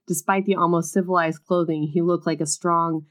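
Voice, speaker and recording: A woman with a fairly low voice talks casually about a book, slipping into read-aloud narration of its passages. Her manner is playful and chatty, full of "like" and quick jokes. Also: fairly even intonation. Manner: playful, chatty, uses lots of "like". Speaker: podcast co-host discussing a book.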